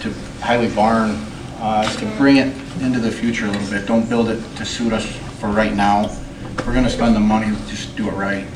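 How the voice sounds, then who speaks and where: A man running for highway superintendent, answering in a plain, direct way. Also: level tone, a little fast. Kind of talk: unscripted forum answer. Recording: roomy hall, far from mic, noisy.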